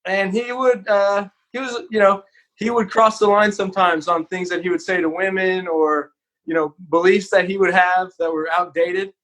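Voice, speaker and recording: Man, high pitch, Texan, podcast guest, earnest, candid, casual storytelling. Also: flat delivery, moderate pace, a bit bright.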